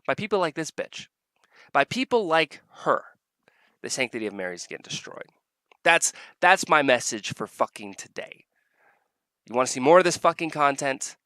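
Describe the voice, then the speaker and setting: A man's voice: mid-range voice, very animated, normal speed, pushed and bright, smooth, no room sound. A man vlogger delivering an angry, heavily profane reaction rant.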